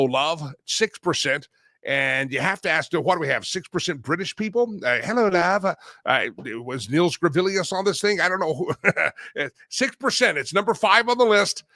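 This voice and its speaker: Bright-voiced male talk show host. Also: fairly high pitch, no room sound, studio quality. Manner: chatty, loose, many fillers. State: coughing. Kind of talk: casual talk show monologue.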